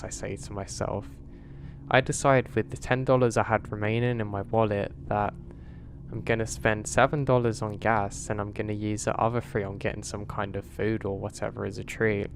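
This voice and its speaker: A man, narrating a first-person horror story in a steady, earnest way. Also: on the low side, vocal fry, a little hiss or hum.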